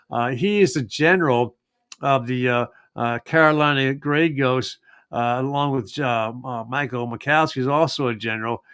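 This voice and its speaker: A middle-aged man hosting a live genealogy show, chatting casually with lots of fillers and restarts. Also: fairly high pitch. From United States. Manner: rambling, many fillers and restarts. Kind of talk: casual live-stream chat.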